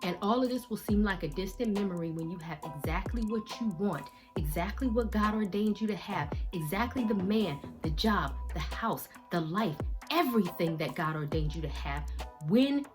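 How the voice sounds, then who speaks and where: A woman's voice: medium pitch, lively intonation, normal speed, over music. A woman vlogger giving faith-based motivational talk, emphatic and preachy, in casual slangy phrasing. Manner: emphatic and preachy, swinging between soft and loud. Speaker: vlogger giving life advice.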